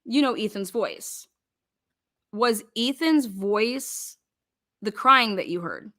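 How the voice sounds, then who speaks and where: Woman grilling like a lawyer, pointed questions nonstop, bright sharp voice. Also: fairly high pitch, lively intonation. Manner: rapid-fire pointed questioning. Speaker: commentator. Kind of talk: mock cross-examination, commentary.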